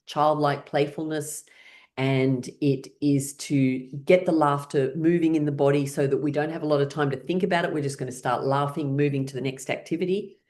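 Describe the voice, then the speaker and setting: A woman with a somewhat low voice guides a laughter yoga class. She talks in a playful, encouraging way and invites everyone to copy her. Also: steady tone, normal speed, a little mellow. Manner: playful and encouraging, leads by example.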